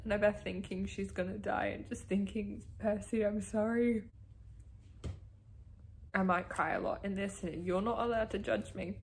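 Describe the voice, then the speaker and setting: A woman's voice: medium pitch, steady tone, normal speed, vocal fry, slight background noise. A young woman from Australia, chatting casually and emotionally about a book and reading passages aloud, swearing freely. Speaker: book vlogger. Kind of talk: casual reading reaction vlog.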